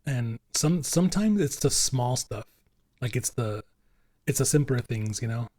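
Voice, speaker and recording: A man's voice: mid-range voice, animated, measured pace, dark tone, dry recording. Man, podcast host, casual chat, rambling, lots of fillers, dry close mic. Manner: rambling, chatty, with frequent fillers and restarts.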